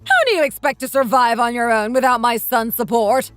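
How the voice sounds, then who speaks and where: A woman's voice: a little high, brisk, a bit bright, no echo, soft background music, natural voice. A woman reading as a scornful bossy mother-in-law. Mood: indignant. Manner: scolding, insulting, domineering. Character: spiteful bossy mother-in-law around sixty. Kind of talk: dramatized text-story reading.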